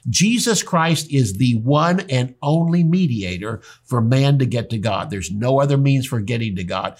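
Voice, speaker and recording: A man preaching a sermon as a pastor, telling stories with animated dialogue. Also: mid-range voice, normal speed. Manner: animated storyteller acting out dialogue. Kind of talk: sermon with storytelling.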